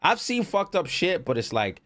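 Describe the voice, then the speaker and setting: A man's voice: high-pitched, big pitch swings, normal speed, a bit bright. Podcast guest: casual, rambling male storyteller with many fillers. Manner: rambling, lots of "like" and "whatever".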